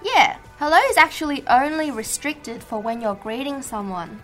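A woman co-hosting an English learning show, explaining polite phrases in a clear, teacherly way. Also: sits high, animated, a bit bright, faint music behind. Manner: clear teacherly delivery, models phrases slowly. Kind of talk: scripted language-lesson chat.

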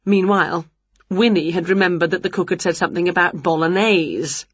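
A woman reading an English picture book aloud at home in a clear, expressive read-aloud manner. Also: on the low side, fairly quick, dry recording, muffled recording. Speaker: storybook reader.

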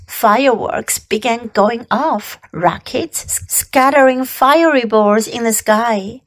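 A woman teacher reading a children's novel aloud, slow, clear and careful. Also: a little high, poor audio. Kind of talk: storybook reading.

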